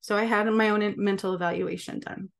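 Speaking a little fast in a gravelly, medium-pitched voice with a steady tone, a woman addresses the camera as a spiritual healer and channel host. She is casual and emphatic, often checking in rhetorically with her listeners.

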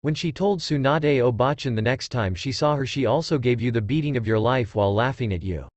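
A man's voice: medium pitch, a little fast, dry recording, natural voice. A man voicing a cheeky, kind spirit of a father who explains things at length.

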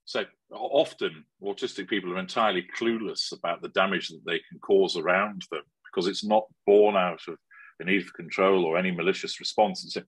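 A man speaks as a guest in a conversational interview. His voice sits very low and has a husky edge. He explains his points in a measured, analytical way. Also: no room sound, poor audio.

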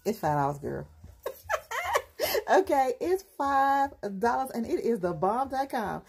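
A woman's voice: a little high, big pitch swings, moderate pace, creaky, darkish tone, slightly rough. A woman hosting her own live jewelry sales show, sassy and chatty, laughing often and calling her viewers girl and honey. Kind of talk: casual live-stream sales pitch.

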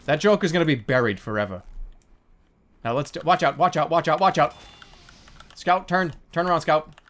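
A man giving loud, excitable gameplay commentary, yelping and swearing while desperate to pee. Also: on the high side, moderate pace. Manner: excitable, yelps and swears, self-mocking. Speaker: gaming YouTuber.

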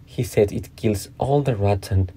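A man's voice: lowish voice, expressive, moderate pace, warm tone, breathy edge. A man reading aloud, voicing a curious, polite young girl who chatters primly, half to herself. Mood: chattering. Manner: prim, fussy, talks half to herself.

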